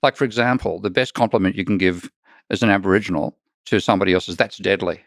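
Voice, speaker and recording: Australian male guest, blunt joking storyteller, lowish voice, dry close sound. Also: fast talker, dry recording. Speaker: guest economist. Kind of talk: casual conversation.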